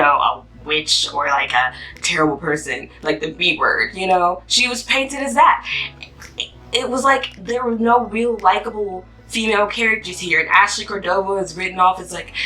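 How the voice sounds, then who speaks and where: Woman vlogger, ranting book review, animated and slangy, bright voice, set back from the mic. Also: on the low side, far from the mic, poor audio.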